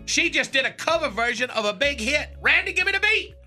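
Man doing a high, bouncy, bragging jive character for a comedy radio bit. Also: big pitch swings, brisk. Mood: boastful. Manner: made-up long words, crude boasting, laughing through lines. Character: jive-talking male radio character, boastful and crude. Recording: music under the voice.

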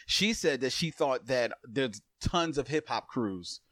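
A man in relaxed conversation laughs easily and relays what listeners said. His pitch moves a lot, and the recording is dry and close. He sounds like a friendly host keeping things loose. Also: a little slow, no echo. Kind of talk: casual chat.

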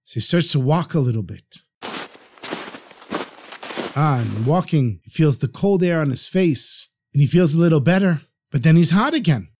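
A man narrating a traditional religious story in an animated, vivid way. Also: fairly high pitch, normal speed, pauses often, noisy background.

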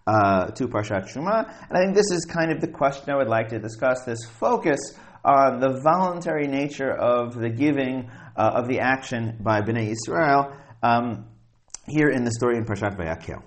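A man teaching a Bible text study, reading Hebrew verses aloud and translating them, with frequent pauses. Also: medium pitch, expressive. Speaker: Torah teacher.

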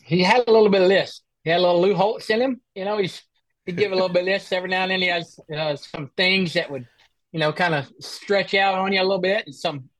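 Laughing, animated male storyteller on a call. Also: high-pitched, no echo. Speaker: guest, professional golfer. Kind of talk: casual storytelling chat. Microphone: video call.

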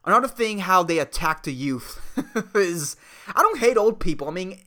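A man's voice: sits high, lively intonation, moderate pace, bright, forceful tone. A man in his twenties hosting a podcast, ranting in a profane, exasperated way with lots of fillers. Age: 20s. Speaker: podcast host. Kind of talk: solo comedic rant.

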